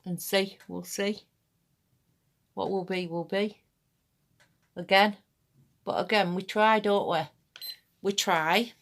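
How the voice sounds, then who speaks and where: A woman's voice: medium pitch, fairly even intonation, slow, long pauses, fairly bright tone. A middle-aged woman chatting casually in a rambling, blunt way while demonstrating a treatment. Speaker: aesthetics practitioner.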